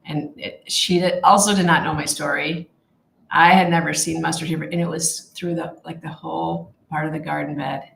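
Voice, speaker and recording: A woman leading a casual Bible study, talking in a heartfelt, halting way with many fillers and restarts. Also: low voice, fairly even intonation, creaky, a bit bright, reverberant, a little hiss or hum, rough recording.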